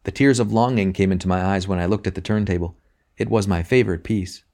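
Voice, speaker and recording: A man reading a short story aloud in a measured, reflective way. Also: sits low, a little mellow. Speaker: narrator. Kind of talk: audiobook reading.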